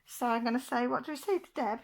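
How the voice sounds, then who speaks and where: Woman vlogger, slightly high voice, emotional and gushing, casual unboxing chat. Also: fast, creaky. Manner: emotional, gushing, near tears.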